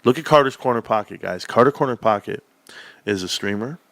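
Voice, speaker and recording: A man with a lowish voice and some vocal fry talks a little fast, casually chatting on a livestream with no echo. His storytelling is animated, complete with acted-out voices for the people he quotes.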